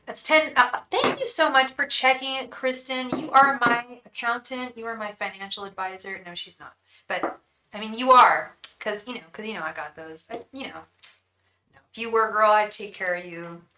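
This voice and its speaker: Over some background noise, a woman with a higher-pitched voice talks at an ordinary pace during a casual tarot live stream. Chatty and meandering, she greets viewers by name, uses words like "hun" and "girl," and quietly repeats an invocation while shuffling cards for a reading.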